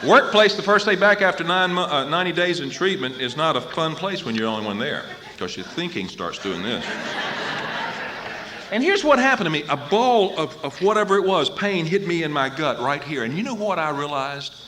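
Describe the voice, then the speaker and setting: Lively, bright-voiced man telling his story. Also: on the high side, fairly quick, slight background noise. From North Carolina, US. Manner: animated storyteller who acts out quoted voices. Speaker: recovery meeting speaker. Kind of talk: personal recovery talk at a convention. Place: convention hall podium.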